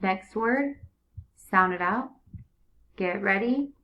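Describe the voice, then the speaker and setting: A woman teacher leading a young class through sounding out words, giving slow, clear, repeated cues. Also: mid-range voice, dull audio, a little hiss or hum. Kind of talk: early reading lesson for young students.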